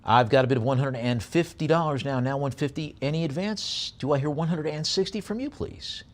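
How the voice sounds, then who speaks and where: A man working as an auctioneer, calling bids briskly and slowing down, with many "uh" pauses, to describe each piece. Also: on the high side. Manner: brisk bid calling between slower item descriptions; many filler pauses when describing items.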